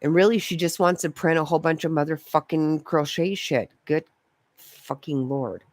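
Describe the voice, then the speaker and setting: A woman's voice: deep voice, steady tone, fairly quick, no echo. A woman rants and rambles to camera in a casual vlog style. She swears freely and laughs often. Her voice is recorded close and dry, with no room sound. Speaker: vlogger. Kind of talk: casual ranting monologue.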